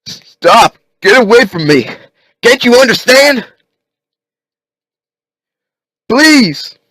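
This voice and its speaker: A man voicing a frightened grown man who wakes into disaster, yelping and shouting in panic. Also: lowish voice, lively intonation, measured pace, no room sound. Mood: panicked.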